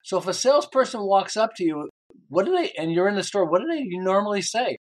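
A man's voice: high-pitched, moderate pace. An older man, a book author and podcast guest, telling business stories and acting out the lines of the people in them. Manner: animated storyteller acting out quoted lines. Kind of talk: storytelling in a podcast interview.

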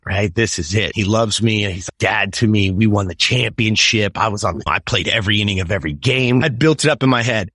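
A man's voice: lowish voice, brisk, few pauses, a bit bright, no echo, studio quality. A man in his fifties from California, telling a personal story as a podcast guest in an emphatic, profane way and often checking in with "right?". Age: 50s.

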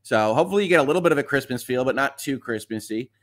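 A man's voice: mid-range voice, animated, very fast, fairly bright tone. A man hosting a casual morning livestream, reading viewers' chat messages aloud and chatting back with frequent filler words. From Midwest US. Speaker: livestream host. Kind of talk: casual live-stream chat.

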